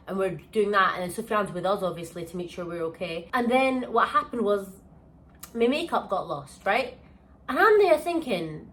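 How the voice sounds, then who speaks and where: A young woman from the UK, telling a holiday story in a casual vlog, animated and exclamatory with plenty of slang. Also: mid-range voice, low-quality recording. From United Kingdom. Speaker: vlogger. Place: holiday villa.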